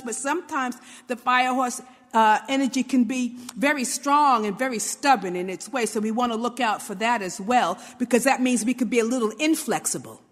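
Her voice a little high, a woman from Brooklyn, New York, delivers a casual motivational talk with a long reverb tail. She's conversational, frequently asks "right?", and acts out small quotes.

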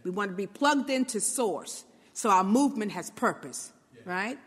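A woman's voice: medium pitch, animated, moderate pace, breathy edge, big-room sound. A woman from Brooklyn, giving an informal motivational talk and often checking in with "right?". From New York, Brooklyn. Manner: conversational, often asks "right?", acts out little quotes.

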